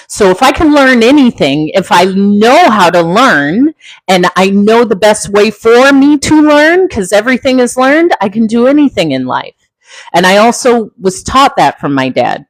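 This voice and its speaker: A middle-aged woman from Central California speaks on a casual livestream, warm-hearted and reflective. Her voice sits at an ordinary pitch but leaps up and down as she talks. The sound is close and dry, with no room around it. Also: no echo, rough recording. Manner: heartfelt, reflective, wide pitch swings, laughs easily. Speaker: livestream host, former flight attendant. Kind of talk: casual livestream talk reading comments.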